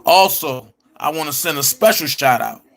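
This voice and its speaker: A man hosting an online commentary show, speaking in a casual, emphatic way with drawn-out phrases. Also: fairly high pitch, expressive, creaky, a bit bright. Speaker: commentary channel host.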